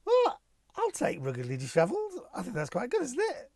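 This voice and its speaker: A man's voice: very high voice, wildly swooping pitch, brisk, creaky, a little mellow. A middle-aged man, a television property presenter, answering viewer questions in a casual, playful way and chuckling often. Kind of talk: casual chat.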